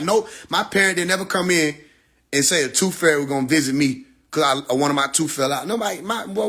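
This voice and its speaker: Man, husky, slightly high-pitched, brash and profane, phone livestream rant. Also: pushed and bright. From Atlanta. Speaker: livestream host.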